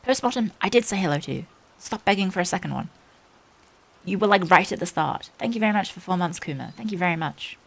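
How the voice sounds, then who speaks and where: A woman's voice: fairly low pitch, a bit bright. A woman streamer chatting casually with her viewers, greeting them by name and laughing easily. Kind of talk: casual live-stream chat.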